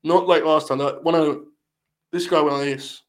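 A man's voice: fairly high pitch, fairly even intonation, moderate pace. A young man hosts a live watch-along, his slightly raised voice swinging between mock-solemn proclamations and loose, sweary rambling. He talks casually, as if chatting to regular viewers. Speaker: live-stream host.

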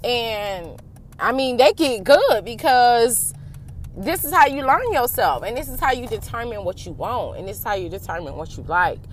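A woman's voice: fairly high pitch, animated, normal speed, a little hiss or hum. A woman vlogging self-help advice in a casual, frank and profane way, acting out both sides of a talk with herself. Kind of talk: casual motivational monologue.

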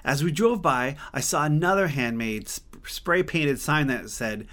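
Telling a story from his own life, this man from Montana speaks at a measured pace with an expressive, fairly bright tone, pitched slightly above the typical male range. He's earnest and conversational, often backing up to restart a word and fix it.

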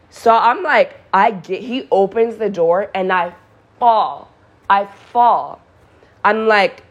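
A woman's voice: mid-range voice, expressive, normal speed. A young adult woman vlogger telling a story in a blunt, profane, dramatic way. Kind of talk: casual storytime.

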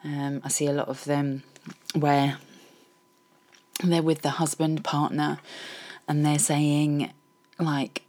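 A middle-aged woman speaks in a low, grounded voice. She hosts her own podcast in a loose personal monologue, candid and a little rambling. Her frustration comes through plainly. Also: level tone, slow, long pauses, a little mellow. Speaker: podcast host.

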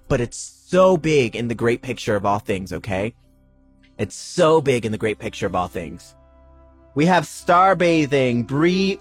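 A man hosting a spiritual podcast, talking casually and emphatically, repeating phrases and swearing freely. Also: a little high. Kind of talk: casual spiritual pep talk.

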